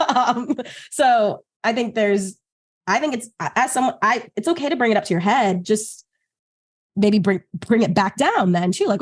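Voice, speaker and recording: A woman's voice: fairly high pitch, measured pace. A woman co-hosting a podcast in casual chat, talking animatedly with lots of fillers and acted-out quotes. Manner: animated, acts out quoted voices, many fillers. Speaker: co-host.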